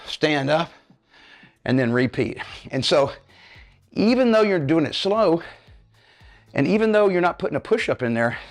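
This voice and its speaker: A man's voice: on the high side, sing-song, normal speed, pauses often, soft background music. A man in his fifties leading a home workout, getting out of breath while he demonstrates the moves and checks in with his viewers. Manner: coaching, checks in with "okay, guys?". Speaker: fitness coach. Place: home living room.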